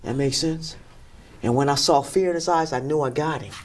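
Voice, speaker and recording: A woman telling a dramatic true story, acting it out with loud sound effects and checking in with "that makes sense?". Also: low-pitched, moderate pace, a little hiss or hum. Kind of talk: animated story time.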